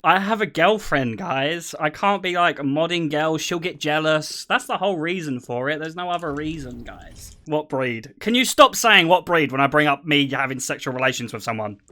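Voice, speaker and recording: A young man streaming and chatting casually, telling stories in an animated way with frequent laughter. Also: on the high side, normal speed, few pauses. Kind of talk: casual chat.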